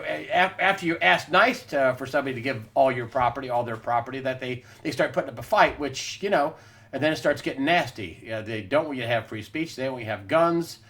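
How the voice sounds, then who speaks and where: A man's voice: a little high, fairly bright tone. A man hosting a weekly news wrap-up, giving emphatic, combative political commentary and calling his listeners "folks.". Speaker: host of a weekly news show.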